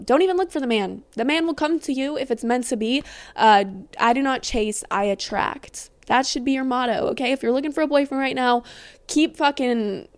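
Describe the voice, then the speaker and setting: Giggly rambling young woman, fairly high voice. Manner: rambling, giggly, lots of filler words, swears casually. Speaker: podcast host. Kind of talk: casual chat.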